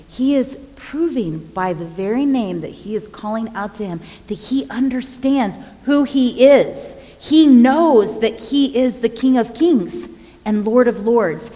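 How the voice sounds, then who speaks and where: A woman giving a sermon, retelling scripture in an expressive, dramatic way. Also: on the high side, in a large hall, low-quality recording. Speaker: preacher.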